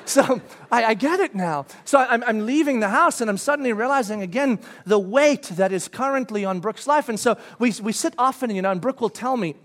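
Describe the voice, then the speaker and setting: A middle-aged man telling a family story to an audience, animated, bursting into shouted quotes. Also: extremely high pitch, a little fast, few pauses.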